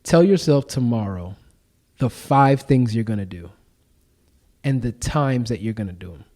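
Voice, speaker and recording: Mellow, animated man chatting on a podcast. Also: medium pitch, normal speed. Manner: animated, emphatic storytelling with slang. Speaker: podcast guest and show founder. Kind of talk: casual podcast conversation.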